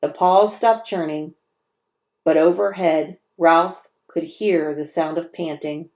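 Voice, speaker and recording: A teacher reading a chapter book aloud to children, with expressive storytelling and a lower woman's voice. The recording is echoey, as if from a bare room. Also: slow. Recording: roomy echo.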